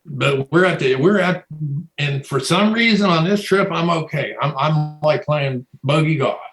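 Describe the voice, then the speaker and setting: A man's voice: on the high side, unhurried, a bit bright, echoey room, poor audio. A man telling a long rambling story in casual chat, laughing often and restarting his sentences. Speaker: guest telling stories.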